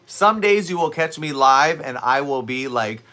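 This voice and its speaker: He's a live streamer and fitness instructor from Southwest Florida whose slightly high, bright voice carries a scratchy, overused rasp. Energetic and chatty, he laughs quickly and often while talking to viewers' comments. The audio comes from a streaming mic placed close to the camera.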